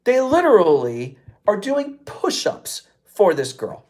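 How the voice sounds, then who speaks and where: A man's voice: high voice, wildly swooping pitch, slow pace, a little mellow. A man hosting his own live show, ranting casually with a lot of profanity and exasperation. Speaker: show host.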